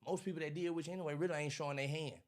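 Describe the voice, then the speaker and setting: Fast-talking man, animated preachy storyteller. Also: fairly high pitch. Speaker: podcast guest, motivational speaker. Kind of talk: casual interview talk.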